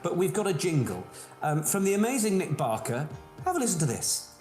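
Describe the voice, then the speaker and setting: Man, cheeky pub quiz host, lively bouncing voice, roomy room, faint music behind. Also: high-pitched, a little fast. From Buckinghamshire, England. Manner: playful, cheeky, bantering quizmaster. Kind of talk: live-streamed pub quiz hosting. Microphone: phone.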